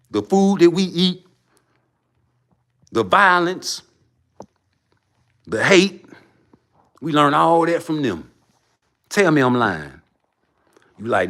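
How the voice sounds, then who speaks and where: A man ranting on his livestream, profane and preachy, swinging between loud outbursts and low mutters. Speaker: livestream host. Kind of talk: heated casual rant.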